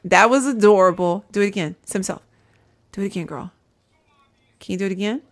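A brisk, mid-range female voice belongs to a gaming channel host doing a casual let's-play. She's chatty, calls the audience y'all, and dissolves into laughter now and then.

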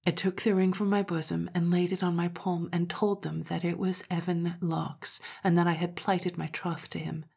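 Husky low-voiced woman telling a story. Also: level tone, normal speed, few pauses, a little mellow. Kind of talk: scripted storytelling narration.

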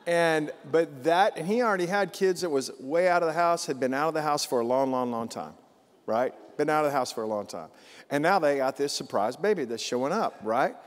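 A male pastor telling a story in a sermon, animated and repeating phrases for emphasis. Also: fairly high pitch, fairly quick. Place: church sanctuary. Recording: long church hall reverb.

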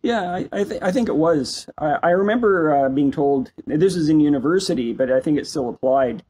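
A man in his fifties from Canada, a company CEO telling stories as a guest in a casual interview, animated and self-deprecating. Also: a little high, fairly quick, husky, poor audio. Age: 50s.

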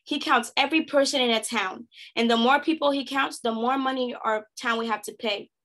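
A woman's voice: on the high side, steady tone, fairly quick, a bit bright, natural voice. A woman voicing a fierce, dramatic frontier mother who exclaims theatrically. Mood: alarmed.

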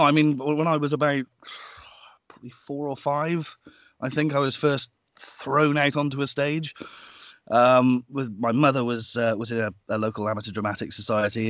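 A man's voice: mid-range voice, fairly bright tone, no echo. A man who works as a voice actor and audiobook producer, talking in a casual podcast interview, thoughtful and often restarting his sentences. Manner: thoughtful, with frequent restarts and fillers.

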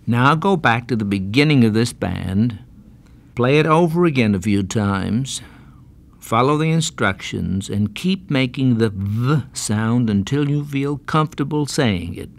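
A man giving slow, carefully enunciated pronunciation lessons, patiently repeating words for drill, on a 1970s language-course record. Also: medium pitch, animated. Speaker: pronunciation teacher. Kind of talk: slow, deliberate instructional narration.

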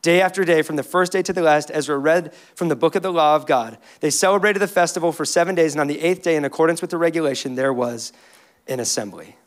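High-voiced man preaching a sermon. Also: fast talker. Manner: preaching with rising intensity, reading scripture aloud. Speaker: pastor. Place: church sanctuary.

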